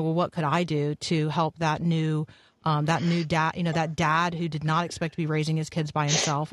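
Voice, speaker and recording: A man's voice: on the high side, dry recording. A man hosting a radio interview, asking long questions with frequent ums. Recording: dry close mic.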